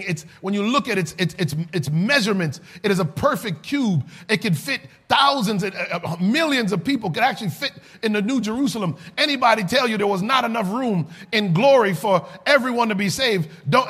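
A man preaching a sermon, rising to shouts and then dropping low and soft. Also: animated, a little fast, few pauses, breathy edge.

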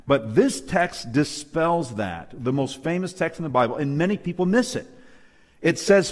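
A man's voice: on the high side, expressive, normal speed. Emphatic preacher man in a reverberant hall. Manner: emphatic, calls for amens. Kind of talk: sermon. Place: church hall with a live and online audience.

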